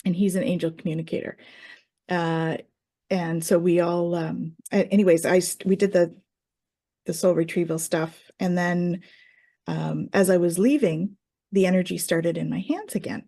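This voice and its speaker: Reiki teacher lady chatting, lowish warm voice, animated storyteller, laughs a lot. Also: normal speed. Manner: animated, acts out quoted voices, laughs often. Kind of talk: casual storytelling chat.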